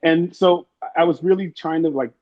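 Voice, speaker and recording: A man's voice: on the high side, moderate pace. A man in an interview, telling stories casually in a rambling, profane way and acting out what people said. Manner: rambling, profane, acts out quotes. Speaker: interview guest. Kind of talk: casual storytelling. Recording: muffled lo-fi sound.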